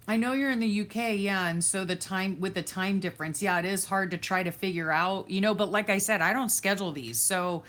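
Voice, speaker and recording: A woman's voice: medium pitch, a bit bright. A woman from Florida, hosting a live stream and chatting casually with viewers, laughing often. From Florida, USA. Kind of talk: casual chat reading viewer comments.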